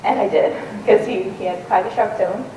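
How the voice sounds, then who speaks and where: Speaking a little fast at medium pitch, a woman shares a story conversationally, often saying um and restarting. She's recorded from a distance in a roomy space, with faint background hum.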